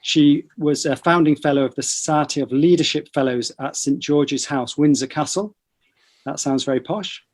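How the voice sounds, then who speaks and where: A middle-aged man, a neurology professor, hosting a relaxed podcast chat and introducing guests with light teasing asides. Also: on the high side, normal speed. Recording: online broadcast discussion.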